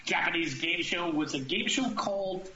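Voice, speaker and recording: A male podcast host with a high, bright voice, talking loosely and circling back over his own words. The sound is roomy and a bit dull, with faint noise underneath. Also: normal speed. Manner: rambling, with restarts and filler words. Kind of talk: casual comedy podcast chat.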